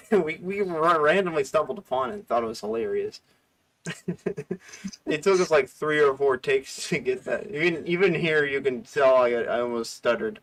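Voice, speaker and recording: A man hosting a casual anniversary livestream at an ordinary pitch. He rambles, stops to correct himself, and laughs often as he recalls things. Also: lively intonation, normal speed, a bit bright. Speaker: livestream host.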